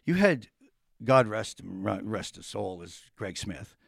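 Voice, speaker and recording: A man's voice: on the low side, very animated, unhurried, creaky, no room sound, clean studio sound. A middle-aged man, a retired hockey coach, telling stories as a guest in a casual podcast interview and often laughing. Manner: rambling storyteller who laughs often.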